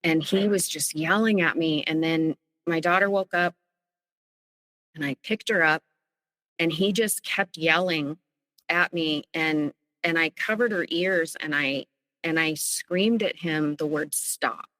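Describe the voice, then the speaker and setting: A woman on a podcast, telling her own story in an earnest, halting way, often restarting her sentences. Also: deep voice, a bit bright, no room sound, in a large hall, low-quality recording. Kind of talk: personal storytelling.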